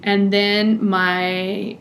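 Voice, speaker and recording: A middle-aged woman hosting a podcast, telling a personal story in an animated, chatty way with frequent laughter. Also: mid-range voice, extremely slow, slight background noise. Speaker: podcast host.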